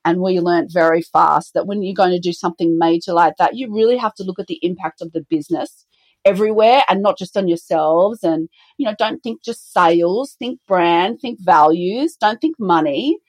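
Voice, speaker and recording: A middle-aged woman who co-founded a business chats in a conversational podcast interview, telling stories with animation and acting out the quoted dialogue. Her voice is on the low side at a moderate pace, with no echo.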